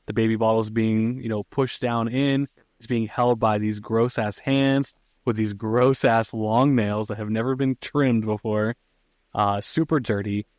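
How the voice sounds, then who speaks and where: Low-voiced guy hosting a podcast, laid back, lots of ums, dry close sound. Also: fairly even intonation, unhurried, a little mellow, no echo. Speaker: podcast host. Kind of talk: casual film recap chat.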